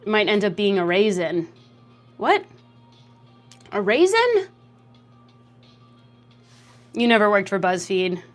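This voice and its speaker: A young adult woman livestreaming at home into a desk mic, chatting casually and reacting to chat comments in a lively, jokey way. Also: normal speed, soft background music. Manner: lively, jokey, reacts to chat with laughs and big pitch jumps. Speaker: streamer.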